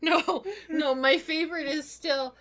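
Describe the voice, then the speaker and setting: Giggly woman with a very high voice. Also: steady tone, measured pace, a bit bright. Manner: laughs a lot, giggly. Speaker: co-host. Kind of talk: casual chat on a livestream.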